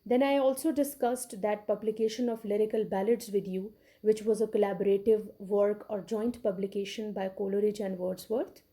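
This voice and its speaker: A woman's voice: mid-range voice, fairly even intonation, moderate pace, hardly any pauses, warm tone. A woman giving a recorded English literature lecture, who explains patiently, repeats key words and often checks in with "okay".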